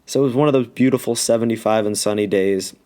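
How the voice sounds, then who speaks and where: A man's voice: fairly low pitch, quick pace, mellow. A man from Alaska telling a childhood story in a casual, rambling, slangy way, full of "like". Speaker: YouTuber telling a life story.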